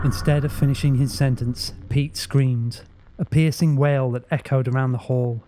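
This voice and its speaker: A man's voice: medium pitch, fairly even intonation, normal speed, noisy background. Man narrating a horror audiobook. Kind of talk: first-person horror narration.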